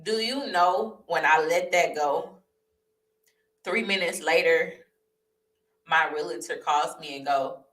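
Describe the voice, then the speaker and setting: Fervent young woman, bright and echoey. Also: low-pitched, slow pace, long pauses, far from the mic. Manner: fervent, addresses viewers as y'all, repeats phrases. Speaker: vlogger sharing her testimony. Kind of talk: emotional personal testimony to camera. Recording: echoey room, voice off-mic.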